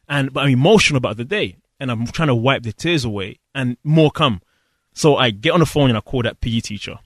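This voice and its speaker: A man tells a personal story in an interview. He speaks earnestly and reflectively, pausing and restarting as he searches for words. The sound is dry and close. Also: mid-range voice, dry recording. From London, England. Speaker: guest.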